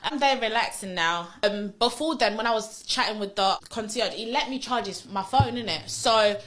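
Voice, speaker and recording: On a casual podcast, a woman tells a story animatedly, performing the lines of the people in it. Her voice is medium-pitched, at a normal speed.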